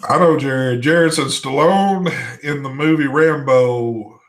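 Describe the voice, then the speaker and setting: A man's voice: fairly high pitch, takes it slowly. A man co-hosting a live vaping show, chatting casually, reading out viewer comments and swearing now and then. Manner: laid-back, swears casually, reads chat aloud. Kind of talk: casual live-stream chat.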